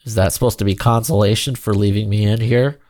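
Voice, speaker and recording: A man's voice: lowish voice, fairly even intonation, fast talker, a little mellow, no room sound, natural voice. A man voicing a sad, proud male lion in a storybook, speaking in a tired, blunt way. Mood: weary.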